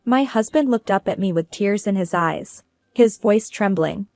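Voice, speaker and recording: A woman's voice: medium pitch, moderate pace, a little mellow, dry recording. A woman narrating a first-person drama story in a cool, businesslike manner.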